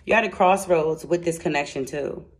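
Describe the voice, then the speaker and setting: A woman giving a casual tarot reading to camera, excitable and chatty, blunt and slangy, speaking straight to her viewers. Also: deep voice, moderate pace. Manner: excitable and chatty, laughs and exclaims. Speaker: tarot card reader.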